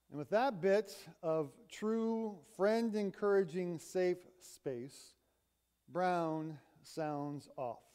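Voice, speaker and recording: Male preacher in a church sanctuary, a sermon storyteller, slow and measured, clear resonant tone. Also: high voice, a little mellow. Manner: storytelling, retelling a conversation. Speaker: pastor.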